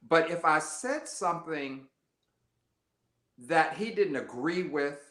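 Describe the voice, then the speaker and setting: Speaking slowly, an older man from the United States shares stories as an interview guest, his voice bright, forceful, and mid-pitched. He rambles in a lively way, restarting and adding asides, in a roomy, echoing space, in a conversational storytelling interview.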